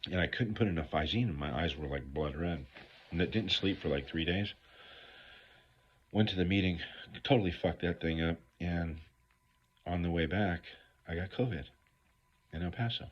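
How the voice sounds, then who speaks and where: Middle-aged guy, low raspy voice, rambling and cussing through his sobriety talk. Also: moderate pace, long pauses. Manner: blunt, profane, rambling storytelling. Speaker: recovery speaker. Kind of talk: candid recovery talk to viewers. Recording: dull lo-fi recording.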